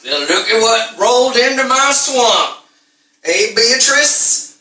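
A man's voice: very high-pitched, animated, takes it slowly, sharp tone, slight background noise, pitched above the performer's own voice, full character voice. Guy doing a rowdy hillbilly croc rider, crude and mocking, echoey room, mic far off. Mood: taunting. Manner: whooping, crude, taunting. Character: rowdy hillbilly man riding a giant crocodile.

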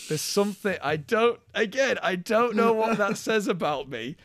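A man in casual podcast chat, his voice leaping up and down as he talks. He is jokey and animated, and he sounds dry and close to the mic with no room around him. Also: high voice, moderate pace, dry recording. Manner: animated, jokey, slips into film-quote impressions. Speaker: podcast co-host.

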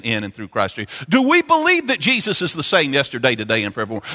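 A man preaching a sermon, impassioned and repetitive, climbing into sung, chanting peaks before dropping low. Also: huge pitch swings, fast talker, hardly any pauses, sharp tone. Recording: long hall reverb.

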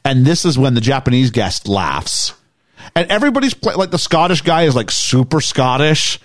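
A man chatting about a film in a loose, joking way, his pitch bouncing around a lot. He rambles with plenty of fillers and asides. The sound is close and dry. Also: big pitch swings, moderate pace, no room sound. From United Kingdom. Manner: rambling, jokey, many fillers. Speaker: podcast host. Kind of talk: casual movie discussion.

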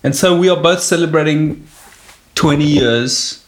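A man's voice: on the high side, a little slow. A man, a comedian hosting a casual chat and reminiscing. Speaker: comedian and host.

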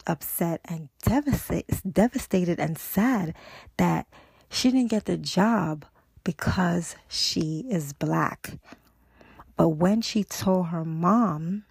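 A woman's voice: on the low side, gravelly, a little mellow, husky, no echo. A woman podcast host casually retelling a TV episode, rambling with lots of "and so" and "you know".

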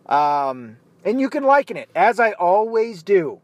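A blunt, heated man delivers a profane solo rant in a fairly high voice. The recording is dry and close, with no room sound. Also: sing-song, measured pace, no echo. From United States.

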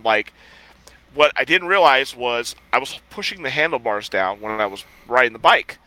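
Bright-voiced man telling stories. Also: medium pitch, fairly quick, rough recording. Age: adult, past college. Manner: animated, acts out quoted voices, swears, laughs often. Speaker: podcast co-host. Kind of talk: casual chat, storytelling.

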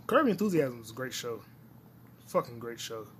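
A man's voice: medium pitch, very animated, moderate pace, background noise. A man hosting a solo podcast, rambling and swearing freely as he talks to himself, recorded on a phone. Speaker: podcast host.

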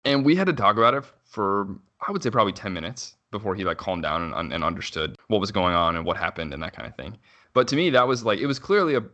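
A man in his thirties tells a story in easy, casual conversation. His voice sits very low but moves quickly, with a bright, forward edge, and he meanders through fillers and restarts as he goes. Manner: rambling, frequent "like" fillers and self-restarts, quick laughs. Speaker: father telling a story.

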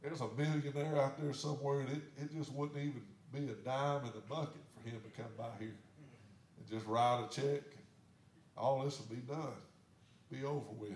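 A man's voice: medium pitch, fairly even intonation, fairly quick, darkish tone. A pastor tells his story from the pulpit in a plainspoken, folksy way. His voice sits in a middle range for a man, and it rings through an echoey church sanctuary. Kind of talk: sermon storytelling.

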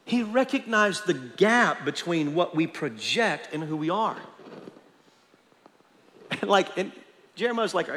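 A man's voice: high-pitched, big pitch swings, slow, pauses often, fairly bright tone. A man preaching a sermon as pastor, emphatic, often repeating words as he presses a point home. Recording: long reverb of a large hall.

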